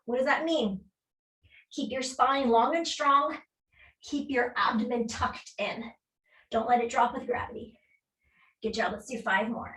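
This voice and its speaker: A woman leading a live workout class as fitness instructor, cueing moves and counting reps with steady encouragement while she exercises along, a little out of breath. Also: fairly high pitch, a little slow, long pauses. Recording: echoey room, voice from a distance.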